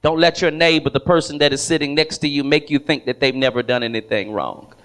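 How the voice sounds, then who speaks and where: A man's voice: on the high side, steady tone, a little fast, a bit bright. A man preaching a sermon to a congregation, telling a story and asking the room questions. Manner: storytelling preacher who repeats words and asks the congregation questions. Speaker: pastor. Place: church hall with congregation.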